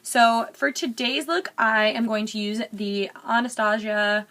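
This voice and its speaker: A woman's voice: on the high side, steady tone, measured pace, a bit bright. A young woman chatting candidly while doing her makeup in a get-ready-with-me vlog, rambling and full of fillers. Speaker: beauty vlogger.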